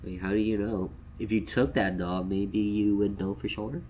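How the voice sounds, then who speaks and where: A man giving casual, joking game commentary, swinging between mumbles and loud outbursts. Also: lowish voice, fairly even intonation, moderate pace, slight background noise. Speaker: let's play gamer.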